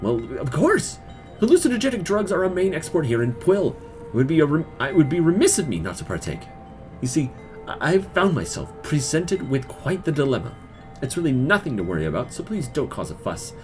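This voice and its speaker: A man voicing an excitable woman who is mayor of a village in a video game, lurching from frantic yelling to prim, overly polite chatter. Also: on the high side, a little fast, soft background music, voice pushed up. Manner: frantic shouting, then prim and overly courteous.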